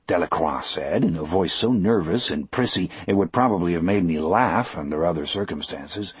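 A man narrating a first-person audiobook in a measured, expressive storytelling voice. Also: rumbling low, slightly rough, no room sound.

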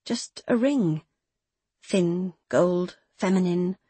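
A woman reading a novel aloud in measured, intimate scripted narration. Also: fairly low pitch, dark tone, slightly rough, dry recording. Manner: measured, intimate, close third-person storytelling. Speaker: audiobook narrator.

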